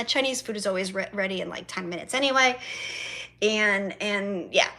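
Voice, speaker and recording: A woman's voice: a little high, pushed and bright. A woman telling a family story to her viewers in a chatty vlog, swearing freely and acting out both sides of conversations with her mother. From South Florida. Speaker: vlogger. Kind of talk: casual storytelling to camera.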